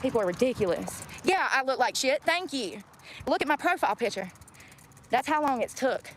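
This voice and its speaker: Outdoors beside a road, a young woman vlogs to her viewers in a blunt, profane rant. Her voice is high with big swings in pitch, and she speaks at a moderate pace. Traffic noise comes through clearly on the recording.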